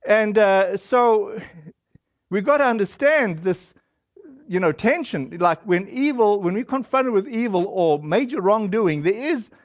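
A man giving a relaxed, conversational sermon, full of fillers and lively asides. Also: high voice, dry recording. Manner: casual and animated, acts out quoted voices, many fillers. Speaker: preacher. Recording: dry, dull lo-fi audio.

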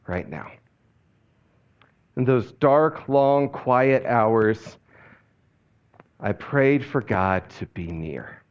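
A male pastor giving a sermon in a hushed, reflective way. His voice sits at a middle pitch and often sinks low and soft at the end of a thought. The recording sounds slightly dull and muffled. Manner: slow, hushed and reflective, dropping low on key phrases.

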